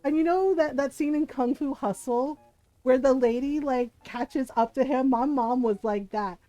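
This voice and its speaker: A woman's voice: high-pitched, normal speed, warm tone, dry recording, faint music behind, poor audio. A woman streamer telling a family story in casual chat, laughing often and acting out the people she quotes.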